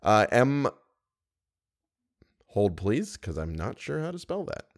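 A man's voice: on the low side, very animated, takes it slowly. A man hosting a horror fiction podcast, chatting bluntly at the sign-off and mocking himself between retakes of a reading. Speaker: podcast host and audiobook narrator. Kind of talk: casual sign-off and outtakes of reading.

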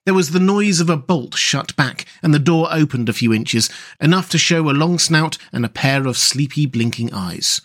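A man hosting a story podcast and narrating a classic children's novel in a measured, gentle read-aloud manner. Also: a little high, expressive. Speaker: host and storyteller.

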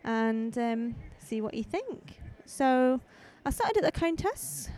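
A woman's voice: high-pitched, sing-song, takes it slowly, a little mellow. A woman hosting a casual live podcast as she walks around festival stalls outdoors, chatting in a rambling, friendly way into a handheld microphone. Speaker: podcast host.

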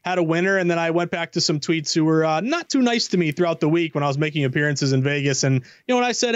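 A man's voice: on the high side, animated, quick pace, hardly any pauses, no echo, lo-fi sound. A man, a sports betting analyst, talking eagerly and self-deprecatingly as a guest in a casual chat.

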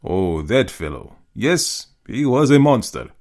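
A man's voice: medium pitch, very animated, a little mellow. A man doing a suave, menacing aristocratic hunter. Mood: measured menace. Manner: slow, measured, courteous.

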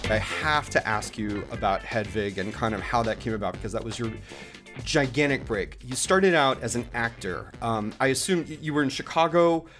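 A man's voice: medium pitch, animated, moderate pace, over music. A man hosting an interview podcast, asking questions in a chatty way and laughing easily. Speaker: podcast host.

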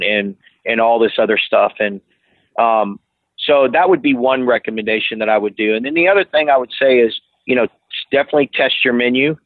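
A man's voice: mid-range voice, no echo. A man telling stories as an interview guest, rambling with many restarts. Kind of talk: casual interview storytelling. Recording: dry tinny phone-like line.

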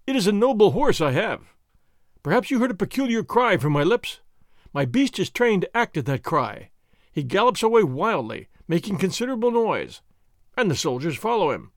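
A man's voice: high voice, big pitch swings, moderate pace, no room sound, studio quality. A man voicing a bold, dashing masked swordsman who talks in a proud, taunting, declamatory way. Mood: boastful.

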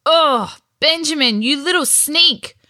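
A woman's voice: a little high, big pitch swings, a little slow, bright, forceful tone, husky, dry recording, clean studio sound, full character voice. A woman doing a fiery young soccer girl. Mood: accusing. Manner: urgent, exclaiming. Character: spirited young girl soccer player, impatient.

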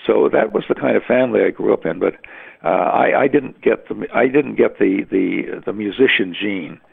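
An older man from Western Canada, a veteran radio announcer, telling his story in an oral history interview with halting, rambling restarts. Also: lowish voice, vocal fry, slightly rough. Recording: phone-like narrow sound.

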